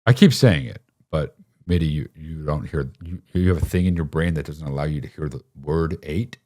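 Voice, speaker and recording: Very deep-voiced man telling a profane story. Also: fairly quick, a little mellow. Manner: profane, rambling, self-mocking, laughs often. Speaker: live stream host telling a story. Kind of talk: casual storytelling to live chat.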